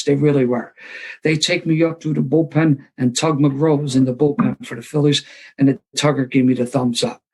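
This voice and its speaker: Older Philly man, sixties, husky gravelly voice, animated self-deprecating storyteller at a meeting. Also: a little high, poor audio. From Philadelphia area. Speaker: recovery meeting speaker. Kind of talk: storytelling talk to a live audience.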